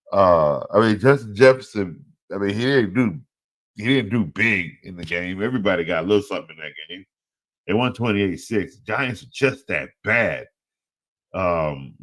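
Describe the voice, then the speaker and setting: A man hosting a fantasy football show, talking casually and excitedly, laughing often and trash-talking teams in slangy speech. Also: fairly low pitch. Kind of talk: casual solo sports commentary.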